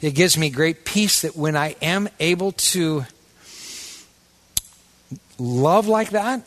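A man preaching a sermon in a casual, folksy way, swinging from loud, emphatic bursts to hushed asides. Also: fairly high pitch, slow pace. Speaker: pastor.

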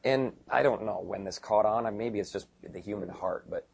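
A middle-aged man preaching a sermon in a conversational, joking way, slipping into quick voices of the people he describes. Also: on the low side, creaky, a little mellow, breathy edge. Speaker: pastor.

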